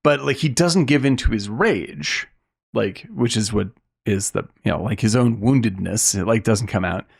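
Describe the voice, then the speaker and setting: Gravelly man chatting about films. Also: on the low side, moderate pace. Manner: animated, acts out quotes in a raised voice. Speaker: podcast co-host. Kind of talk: casual film discussion.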